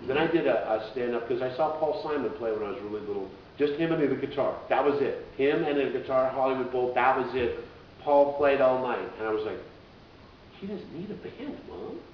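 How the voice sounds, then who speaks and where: A man, a radio DJ and musician, telling stories in a rambling, casual way as an interview guest. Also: fairly quick. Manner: rambling, acts out voices in quotes. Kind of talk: casual conversational storytelling. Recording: echoey, dull, distant with low rumble.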